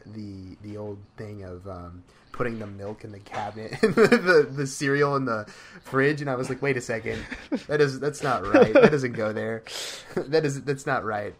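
A man's voice: mid-range voice, expressive, normal speed, a little hiss or hum. A young man co-hosting a podcast, telling stories in a rambling, casual way with lots of fillers and laughter. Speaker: podcast co-host. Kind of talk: casual chat, storytelling.

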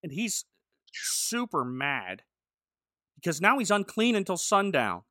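Man, podcast co-host, high bright voice, sarcastic recap, dry close sound. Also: big pitch swings, takes it slowly, no echo. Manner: sarcastic, jokey storyteller. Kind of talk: casual chat recapping a TV episode.

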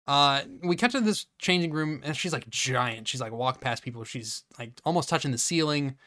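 Bright-voiced man recapping a movie. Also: mid-range voice, moderate pace, dry recording, studio quality. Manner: recounts scenes acting out characters, swears often, laughs. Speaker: podcast co-host. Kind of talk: casual movie recap chat.

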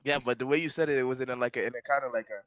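A man's voice: mid-range voice, fairly even intonation, rapid-fire, fairly bright tone. A young man co-hosting a casual podcast, teasing his friend with sarcastic banter. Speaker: podcast co-host. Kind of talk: casual chat.

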